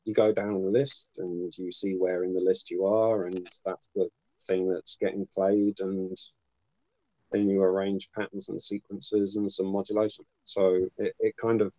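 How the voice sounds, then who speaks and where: A man with a fairly low voice speaks in a relaxed, thoughtful way, dropping wry asides. His sound is dry and close, with no room around it. He talks like he is chatting with friends on a video call. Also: measured pace, no room sound, poor audio. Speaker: host. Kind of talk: casual chat.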